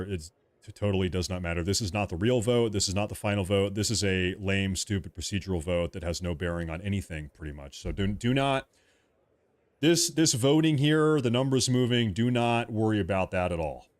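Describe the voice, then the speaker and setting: A man hosting a live stream, giving casual commentary and repeatedly telling viewers not to worry, clearing his throat often. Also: fairly low pitch, no echo. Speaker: livestream host.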